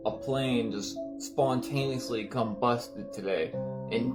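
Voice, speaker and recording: A man speaks at an ordinary, middle pitch with dry, deadpan sarcasm, as if winking at his viewers. Loud plucked guitar music plays behind his voice throughout. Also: measured pace. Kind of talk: casual social video monologue.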